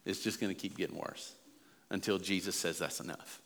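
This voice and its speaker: A man's voice: steady tone, a little fast, vocal fry, fairly bright tone. A man preaching a sermon as pastor, earnest and emphatic, his voice rising as he presses his points. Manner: earnest, emphatic preaching that builds in pitch and volume. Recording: long hall reverb.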